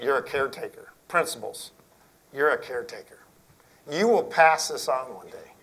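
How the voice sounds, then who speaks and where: In a low-quality recording, a middle-aged man who is an Air Force general addresses school principals with an earnest, homespun story. His voice is mid-range, and he goes quiet, almost whispering, when he wants to stress something.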